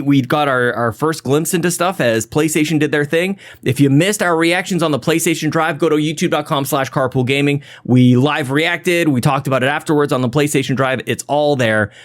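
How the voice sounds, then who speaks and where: A man hosting a podcast, chatting casually and energetically through thank-yous and plans, rambling and laughing at himself. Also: fairly high pitch. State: a little out of breath. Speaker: podcast host. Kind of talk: casual podcast intro and shout-outs.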